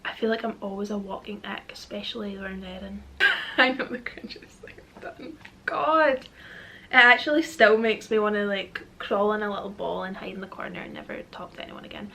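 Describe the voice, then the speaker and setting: A Scottish woman in her twenties rambles through a self-deprecating Q&A vlog, chatting casually to camera. Her mid-range voice is fairly quick, creaky, pushed, and bright.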